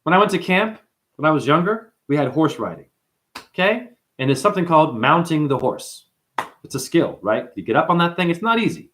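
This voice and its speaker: A man hosting a spiritual livestream, talking to his chat in an animated way, calling listeners honey and chanting mantras. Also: fairly high pitch, brisk.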